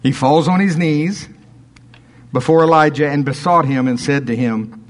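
A man's voice: fairly high pitch, normal speed. A man preaching a sermon, reading scripture aloud and breaking off into chuckling asides.

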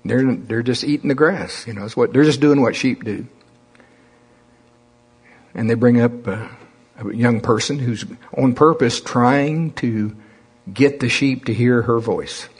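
A man's voice: mid-range voice, measured pace, husky. A man preaching a sermon in a folksy, conversational way, calling on the congregation to repeat after him.

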